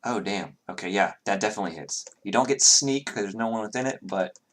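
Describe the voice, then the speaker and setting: A man's voice: fairly low pitch, quick pace, fairly bright tone. A man narrating as game master in a tabletop game, loose and chatty as he counts out the moves.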